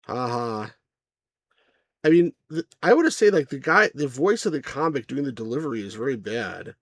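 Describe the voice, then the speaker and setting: A man's voice: a little high, lively intonation, brisk, a bit bright, no echo. A man hosting a casual game review, rambling with asides to viewers and chuckling at the jokes. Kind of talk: casual gameplay commentary.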